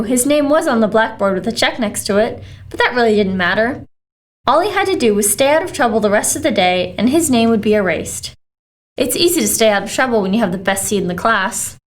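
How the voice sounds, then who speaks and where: A woman reading a children's book aloud with expressive storytelling. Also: a little high. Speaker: reader.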